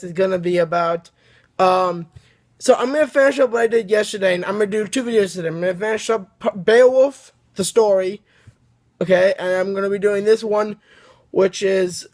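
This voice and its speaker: A man hosting his own video, rambling casually through a fan story with many restarts. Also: high voice. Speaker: video host.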